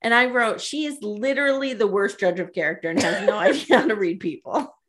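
A woman's voice: mid-range voice, fairly quick. Gossipy woman recapping a reality show. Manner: gossipy, animated retelling with quoted asides and laughs. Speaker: podcast co-host. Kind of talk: casual recap chat.

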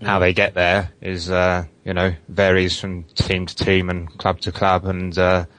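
A man, a guest on a football podcast over an online call, speaking in a measured, hedging way full of fillers. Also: sits low, monotone, fairly bright tone, no room sound, rough recording. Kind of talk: casual football chat.

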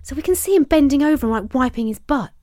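A woman co-hosts a podcast in easy chat. Her fairly high voice swings widely, jumping into shrieks of disgust and laughter. She reacts with big, open feeling. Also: lively intonation, fast talker, dark tone. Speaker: podcast co-host. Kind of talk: casual chat.

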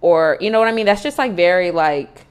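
A young woman with a low voice co-hosting a relaxed talk show. She rambles through her points and restarts them often. She leans on filler words as she thinks aloud. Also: fairly quick, clean tone. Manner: rambling, restarts, many fillers like "like" and "you know". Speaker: podcast co-host. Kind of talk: casual chat recapping reality TV.

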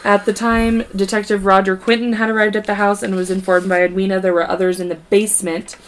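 A woman's voice: medium pitch, flat delivery, brisk. A woman co-hosting a podcast, reading a true crime case aloud in a casual way, stumbling over words and adding asides. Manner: reads from notes with stumbles and asides.

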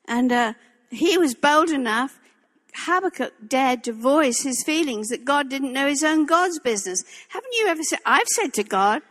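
Impassioned older woman preaching, high voice. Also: animated, normal speed, fairly bright tone, long reverb tail. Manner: impassioned, emphatic, repeats phrases. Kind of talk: sermon. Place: church.

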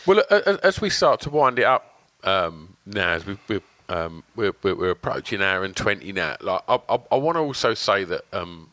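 A man hosts a podcast with a very low voice that still sounds bright and crisp. The sound is dry and close. He talks casually, halting and restarting his sentences. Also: sing-song, no echo. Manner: halting, many fillers and restarts, casual swearing. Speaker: podcast host. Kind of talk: casual interview chat.

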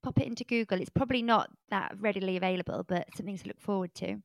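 A woman co-hosts a podcast, joking and giggling through casual chat. Her pitch is middling. The recording is dry and close. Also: rapid-fire, vocal fry, no echo. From English Midlands. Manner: playful, giggly, jokey. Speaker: podcast co-host.

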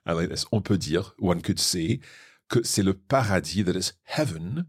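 Deep husky Scottish man teaching. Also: animated, no room sound, clean studio sound. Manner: patient, measured explanations. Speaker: French teacher and podcast host. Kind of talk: explaining a text line by line.

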